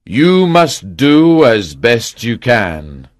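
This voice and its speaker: A man voicing a wounded, dying old King Arthur, slow and deep, giving commands wearily. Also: sing-song, dry recording, studio quality. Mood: solemn farewell.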